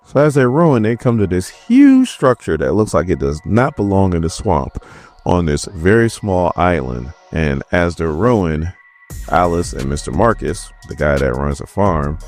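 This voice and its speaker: A deep-voiced man runs through a comic issue in a relaxed, joking way, with a voice that swings widely in pitch. He keeps breaking off to crack jokes and talk straight to his audience. Faint music plays underneath. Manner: joking, chatty, asides to viewers. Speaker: comic book recap host. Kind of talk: casual comic recap.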